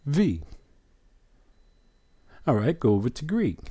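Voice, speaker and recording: Male teacher walking through a letter chart, unhurried, mellow tone, lively pitch, dry close sound. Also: no echo. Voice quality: slow, questioning, repeats sounds.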